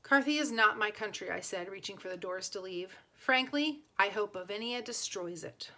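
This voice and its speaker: A woman's voice: medium pitch, animated, normal speed, sharp tone. A woman reading a novel aloud, giving plain voices to the characters and now and then restarting a word. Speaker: audiobook reader.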